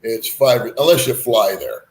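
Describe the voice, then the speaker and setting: A man's voice: medium pitch, very animated, measured pace, creaky. Chatty, frank male host. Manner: rambling, frank, folksy asides. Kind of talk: casual chat.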